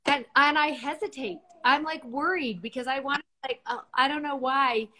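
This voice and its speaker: A woman's voice: high-pitched, moderate pace. A woman co-hosting a casual faith discussion, affirming and responsive, a mother. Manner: affirming, warm listener. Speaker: podcast co-host.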